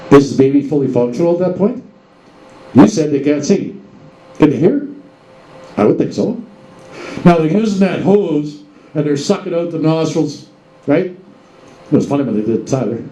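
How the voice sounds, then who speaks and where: Man, show host, casual monologue full of rhetorical questions, dark tone, echoey room with faint ambience. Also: a little high. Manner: rhetorical questions, addresses folks directly.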